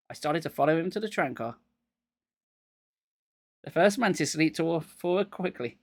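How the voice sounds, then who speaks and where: A man's voice: fairly high pitch, lively intonation, normal speed, pauses often, no room sound. A man getting over a cold, reading a children's horror book aloud live and dropping wry jokes between passages.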